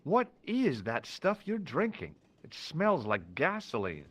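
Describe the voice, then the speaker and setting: A man's voice: a little high, wildly swooping pitch, takes it slowly, a bit bright, exaggerated voice. An actor playing a dry, cool-headed male investigator in a video game, with sardonic delivery.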